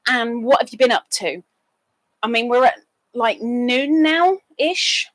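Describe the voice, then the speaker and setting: A woman's voice: takes it slowly, dry recording. A woman hosting a casual crafting livestream, telling little stories and greeting people in the chat. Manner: chatty, drifts between stories and chat greetings, with squeaky bursts.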